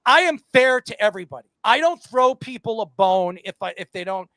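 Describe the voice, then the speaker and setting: A man hosting a casual sports talk show, loud and argumentative, bantering with guests. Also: high-pitched, animated, a little fast, dry recording. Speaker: podcast host.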